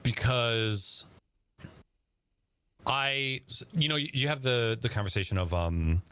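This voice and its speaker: A man's voice: mid-range voice, takes it slowly, fairly bright tone, clear, resonant tone, no echo. A man co-hosting a podcast, speaking casually with hesitations, swearing and frequent agreement. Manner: profane, hesitant, lots of agreeing. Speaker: podcast co-host.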